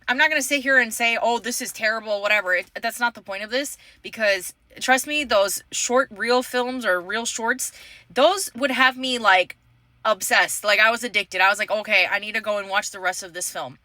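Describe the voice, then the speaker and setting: A woman's voice: a little high, normal speed, sharp tone, no room sound. A woman in her thirties from the Houston area, chatting casually to camera in a rambling, self-correcting way. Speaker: vlogger.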